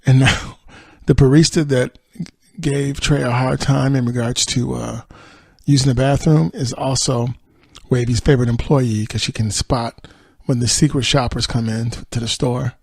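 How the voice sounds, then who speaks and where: A man's voice: mid-range voice, steady tone, normal speed, vocal fry, a little mellow, slightly rough, no room sound. A man hosting a podcast, recapping a TV episode in a rambling, casual way with fillers and chuckles. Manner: rambling retelling with fillers and laughs. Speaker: podcast host.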